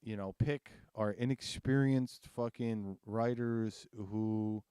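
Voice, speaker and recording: American guy cohosting a podcast, low mellow voice, swears a lot, dry close mic. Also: steady tone, slow pace, clean tone, no echo. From United States. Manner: profane, laughing, mocking impressions. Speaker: podcast co-host. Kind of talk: casual chat.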